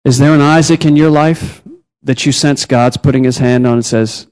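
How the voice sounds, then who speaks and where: A man preaching a sermon as a missionary, telling personal stories with lively rises and drops in pitch. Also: moderate pace.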